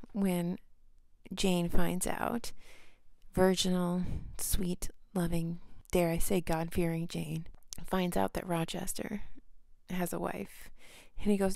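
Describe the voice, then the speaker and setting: A woman's voice: fairly low pitch, vocal fry, darkish tone. A tired American woman in a casual reading vlog, exasperated and rambling, sometimes dropping to a whisper. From United States. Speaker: book vlogger.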